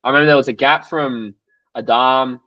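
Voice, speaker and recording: A young Australian man, an athlete guest, telling race stories in an animated, slangy way and acting out what others said. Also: medium pitch, brisk, no echo. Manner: animated, acts out quotes, loose and slangy. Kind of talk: casual storytelling interview. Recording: dry, slightly dull podcast audio.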